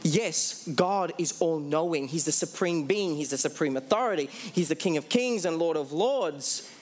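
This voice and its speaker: A man preaching a sermon to a congregation. He asks the audience questions, answers them himself, and slows down hard on the key phrases. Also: on the high side, lively intonation.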